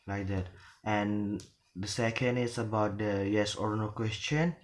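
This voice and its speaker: A man giving a halting classroom presentation on English pronunciation, full of restarts and fillers. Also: fairly low pitch.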